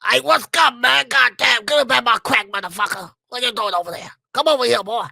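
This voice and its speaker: A man doing a raspy old gangbanger. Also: extremely high pitch, a little fast, bright, forceful tone, no room sound, clean studio sound, pitched above the performer's own voice, heavily acted. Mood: demanding. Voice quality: throat-straining rasp. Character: old male street gangbanger, rough and bossy.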